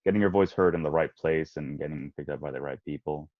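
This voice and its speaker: A young man with a notably deep, low voice speaks hesitantly in a casual interview, trailing off into fillers. The recording is dry and somewhat muffled. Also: quick pace, no echo. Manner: soft-spoken, hesitant with many fillers and laughs. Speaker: guest, aspiring voice actor. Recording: muffled, lo-fi audio.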